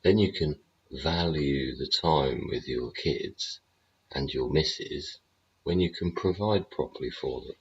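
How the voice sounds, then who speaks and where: A man's voice: very deep voice, a little slow, slight background noise. A man hosting a show, ranting bluntly and sarcastically with heavy swearing. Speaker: show host. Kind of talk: ranting livestream commentary. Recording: dull lo-fi audio.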